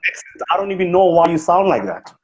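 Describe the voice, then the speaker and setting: A man's voice: sits high, animated, fast, a crowd in the background. A man doing a comedic impression of a boastful, self-important business speaker with a South African accent, scolding and bragging on a phone video call. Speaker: impersonator. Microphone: phone on a live video call. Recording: lo-fi livestream audio.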